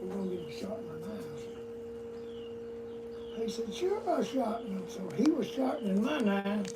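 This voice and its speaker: A man's voice: high-pitched, sing-song, normal speed. Older man, profane rambling yarns. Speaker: storyteller guest. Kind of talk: casual storytelling. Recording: distant mic, noisy room.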